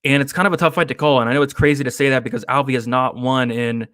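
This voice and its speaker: A man hosting an MMA betting stream in a relaxed, chatty way, giving picks and answering viewer comments. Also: medium pitch, fast, no echo. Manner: relaxed, chatty, with frequent fillers and laughs. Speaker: host of an MMA betting show. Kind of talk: casual live-stream chat reading viewer comments.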